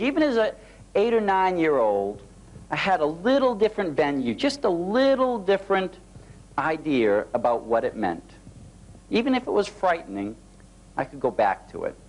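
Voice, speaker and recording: Animated folksy male motivational speaker. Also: fairly high pitch, normal speed, poor audio. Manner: folksy, animated storytelling with a light laugh. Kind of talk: storytelling keynote talk.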